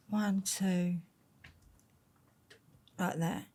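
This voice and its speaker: A woman with a lowish voice and vocal fry is a guest in an interview, speaking at normal speed. She tells stories in a blunt, slangy, animated way.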